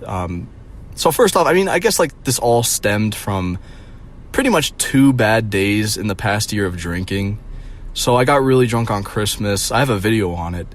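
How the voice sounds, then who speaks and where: A young man ranting casually to camera, rambling with lots of fillers and swearing. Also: fairly low pitch. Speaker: vlogger.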